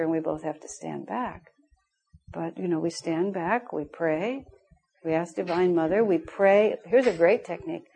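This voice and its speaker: A woman's voice: mid-range voice, dark tone, breathy edge. A woman giving a spiritual class in an earnest, chatty way, with many "you know" asides. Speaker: spiritual teacher. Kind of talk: conversational class talk.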